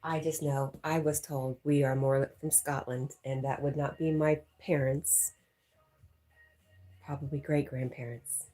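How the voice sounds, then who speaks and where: A woman with a low, husky voice hosts a relaxed livestream at home. She reads out viewer comments in a chatty, teasing way and laughs often. Her tone is mellow and dark. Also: a little slow, faint music behind. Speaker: livestream host. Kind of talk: casual chat reading viewer comments.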